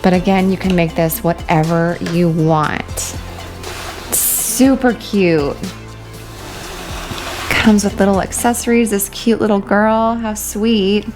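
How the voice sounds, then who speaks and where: A woman hosts a toy crafting video, chatting casually in a toy review style and gushing enthusiastically over small details. Her mid-range voice moves at a slow pace, with music in the background.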